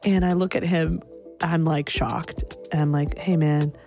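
A woman telling a personal story in an animated way, acting out the people in it. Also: deep voice, unhurried, creaky, soft background music. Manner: animated, breaks into loud acted quotes.

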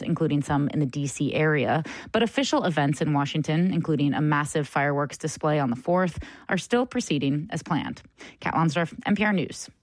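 A woman reporter delivering a radio news report in a steady, clear way. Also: low voice, dry recording.

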